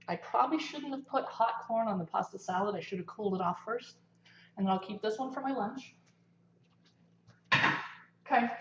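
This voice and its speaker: A woman with a slightly high voice chats casually to viewers while cooking, talking as she eats and works. She is in a home kitchen with lots of echo, and the sound is a bit dull. A faint hum sits under her voice. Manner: chatty, talks while eating and cooking. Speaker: livestream cooking host. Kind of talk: casual livestream cooking chat.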